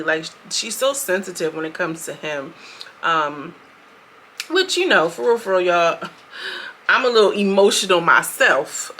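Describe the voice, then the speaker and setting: A woman's voice: medium pitch, a little hiss or hum. Chatty woman recapping a reality show. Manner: chatty, animated, quotes people in quick bursts. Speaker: show reviewer. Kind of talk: casual recap commentary.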